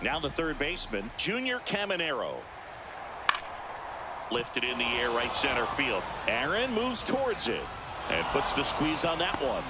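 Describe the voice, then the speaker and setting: Baseball play-by-play announcer. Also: male voice, mid-range voice, wildly swooping pitch, heavy background noise. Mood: calling plays. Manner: measured broadcast delivery. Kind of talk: in-game sports commentary.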